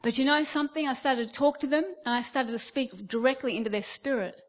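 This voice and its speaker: This high-pitched, quick-paced sermon comes from a middle-aged Australian woman. She brings her stories to life animatedly, voicing the people who appear in them.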